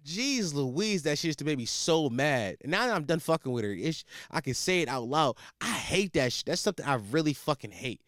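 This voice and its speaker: A man's voice: fairly high pitch, expressive, fairly quick, few pauses, a bit bright, no echo, studio quality. A man hosting a podcast, ranting in a profane, comedic monologue with frequent restarts. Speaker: podcast host.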